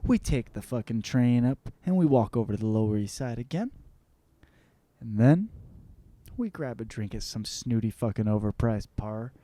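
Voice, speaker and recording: A man's voice: medium pitch, animated, moderate pace, dark tone, no echo. A young man hosting a show, telling a rambling, profane story in a casual comedic monologue. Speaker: host.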